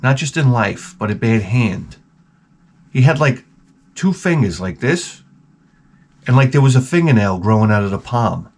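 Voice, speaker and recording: A man hosting his own video, telling work stories in a wry, rambling way with crude asides. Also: medium pitch. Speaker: video host. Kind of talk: casual rambling monologue.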